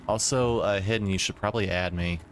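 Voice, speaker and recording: A man's voice: fairly low pitch, steady tone, a little fast, a little hiss or hum. A man livestreaming a video game, chatting casually and rambling with lots of fillers. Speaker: game streamer. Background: game music.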